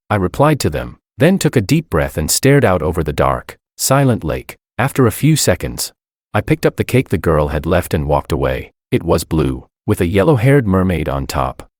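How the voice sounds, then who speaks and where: Deep-voiced man narrating a dramatic story. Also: no room sound, studio quality. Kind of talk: first-person audiobook narration.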